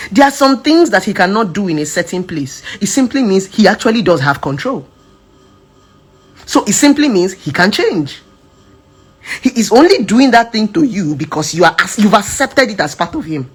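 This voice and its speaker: A woman's voice: medium pitch, breathy edge. A woman talking to her followers about her past relationships in a casual, emphatic personal testimony. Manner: animated, emphatic, switches between shouting and soft quoted voices. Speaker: social media advice speaker.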